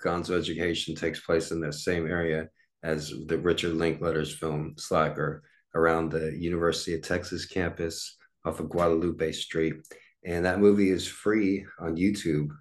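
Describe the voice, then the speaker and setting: Rambling man in his forties, very deep voice. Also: level tone, moderate pace. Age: 40s. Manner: rambling, with many fillers and restarts. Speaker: podcast host. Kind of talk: casual solo podcast monologue.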